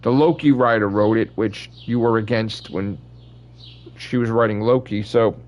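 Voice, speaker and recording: Low-voiced swearing man ranting casually. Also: fairly even intonation, normal speed, darkish tone. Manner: ranting, heavy swearing, blunt opinions. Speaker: channel host. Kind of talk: casual fan commentary.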